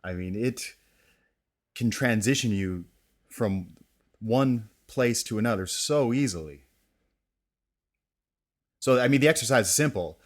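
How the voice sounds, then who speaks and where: Male co-host, unhurried delivery, casual and relaxed. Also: mid-range voice. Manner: slow, relaxed, searching for words. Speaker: podcast co-host. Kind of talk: casual podcast chat.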